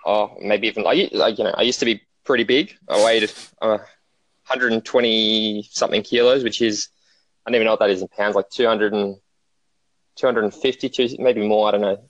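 A man with an Australian accent, a podcast guest chatting casually over an internet call, self-deprecating and relaxed. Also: fairly low pitch, a little fast, no echo, highs cut off.

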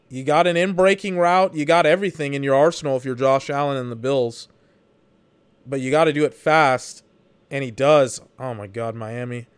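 This podcaster's live football commentary is rambling and fed up, with the odd swear word thrown in. His voice is on the high side, clear and resonant.

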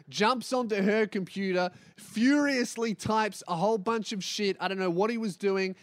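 A man's voice: high-pitched, no room sound, studio quality. A man, telling a comedic story and acting out the dialogue. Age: 20s. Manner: animated, swearing, acts out dialogue. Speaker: podcast host.

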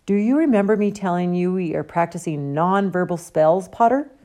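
A woman's voice: lowish voice, lively intonation, normal speed, warm tone, lightly acted. A woman voicing a cold, sneering male professor in an audiobook reading, with clipped, contemptuous delivery.

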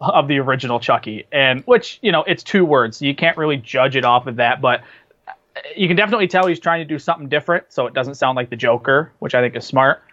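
A man's voice: medium pitch, fast talker, bright, forceful tone. Chatty man on a dull, lo-fi recording. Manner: chatty, rambling, many fillers and restarts. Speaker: podcast co-host. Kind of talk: casual chat about movies and TV.

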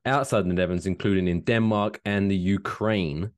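A man with a low voice co-hosts a casual podcast and reads out odd news items. He talks in a jokey, animated way, jumping up high for emphasis. His delivery is loose and conversational. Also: normal speed. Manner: lively, jokey, reads news out loud with big pitch swings. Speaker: podcast co-host. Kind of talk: casual chat.

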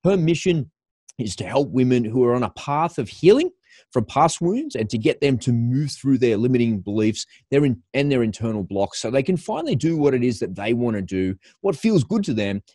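A man's voice: medium pitch, very animated, moderate pace, warm tone, husky, no room sound, studio quality. A man hosting an interview podcast, upbeat and polished as he reads promos and introduces his guest. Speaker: podcast host.

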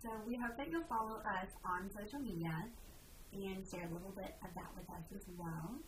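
A woman's voice: mid-range voice, brisk. A woman hosting a casual podcast as a wedding professional, chatty as she wraps up the episode. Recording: distant mic with clear background noise.

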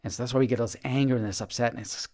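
A man's voice: mid-range voice, fairly even intonation, rapid-fire, darkish tone. A man hosting a podcast, giving an earnest, encouraging motivational monologue and often repeating his words. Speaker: podcast host.

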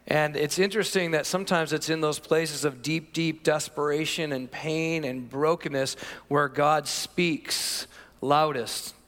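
A man's voice: on the high side, fairly even intonation, a little slow, a bit bright. A middle-aged man preaching earnestly and reflectively from the pulpit. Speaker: pastor. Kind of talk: sermon. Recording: reverberant church hall.

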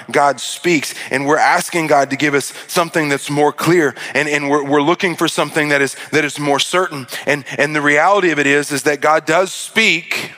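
A man's voice: mid-range voice, sharp tone. A man preaching a sermon, telling a story with acted-out voices and many restarts. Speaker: pastor.

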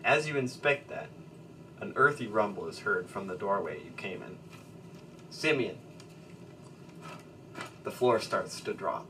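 A man narrating as game master of a tabletop role-playing game, relaxed and hesitant, with fillers and chuckles. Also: lowish voice, unhurried, pauses often. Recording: distant mic with faint background noise.

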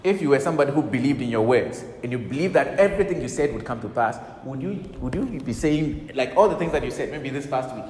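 A man preaches a sermon with emphasis, repeating key words and quoting scripture. His medium-pitched voice is lively, a little mellow, and fast with hardly any pauses. The recording has a little hiss or hum and the echo of a hall with faint ambience.

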